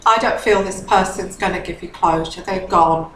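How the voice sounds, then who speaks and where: A woman's voice: fairly low pitch, normal speed, a bit bright. A woman doing a casual tarot reading. She repeats her phrases, keeps asking "okay?" and sounds a little tipsy. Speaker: tarot reader. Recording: echoey room with faint background hum.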